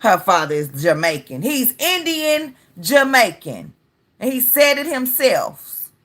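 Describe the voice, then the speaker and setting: A woman's voice: a little high, sing-song, takes it slowly, fairly bright tone. A woman hosting a reaction video, giving casual, emphatic commentary and repeating herself for effect.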